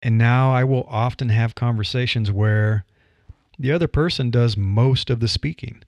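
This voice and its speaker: A man hosting a solo podcast, coaching listeners in a casual conversational way with changing pace and pauses. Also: fairly low pitch, darkish tone, no room sound, lo-fi sound. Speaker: podcast host. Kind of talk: solo podcast advice monologue.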